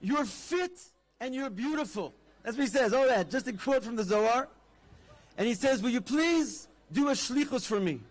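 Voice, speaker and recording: A man who is a rabbi speaks at a moderate pace in a very high-pitched voice. He is giving an animated, story-driven address at an outdoor festival and slips Hebrew terms into it.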